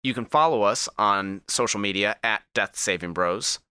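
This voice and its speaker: A man with a low, bright and crisp voice closes out a gaming podcast episode. He speaks smoothly, like an announcer, and the recording is dry and close. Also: normal speed, no room sound. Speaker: podcast host. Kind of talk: podcast outro, casual group chat.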